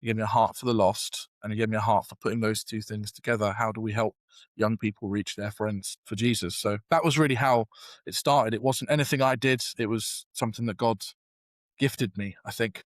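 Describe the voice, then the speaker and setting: A man's voice: on the low side, steady tone, fairly quick, no echo. A young British man with a casual, self-deprecating manner, telling a long story in a podcast interview, full of fillers and restarts. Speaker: guest.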